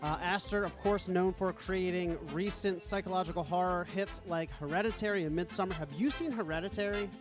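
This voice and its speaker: A man's voice: high voice, fairly quick, few pauses, over music. A man co-hosting a podcast, chatting playfully and giggling at jokes. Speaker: podcast co-host. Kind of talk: casual chat.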